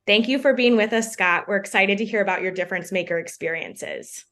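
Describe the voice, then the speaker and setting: A woman's voice: mid-range voice, fairly bright tone. A middle-aged woman hosting a podcast, reading a careful introduction and then asking questions. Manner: measured, reads introduction carefully. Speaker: podcast host, teacher. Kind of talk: scripted intro then interview.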